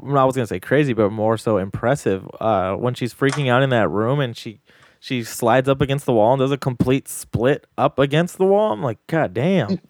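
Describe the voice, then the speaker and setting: Excitable young guy, dry close sound. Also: mid-range voice, a little fast, no echo. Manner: swearing, excitable storytelling. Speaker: podcast co-host. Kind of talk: casual chat.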